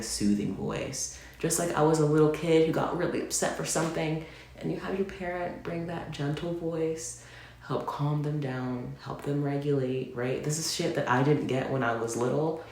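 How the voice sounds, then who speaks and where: A man in a confessional, casual vlog, speaking gently and heartfelt, rambling with many fillers. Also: medium pitch. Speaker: vlogger. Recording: very echoey room.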